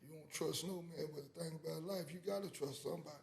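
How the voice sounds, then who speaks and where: A man in his forties, a guest in a casual interview, talking in a quiet, low-key way. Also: quick pace, creaky, reverberant. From Fort Worth, Texas.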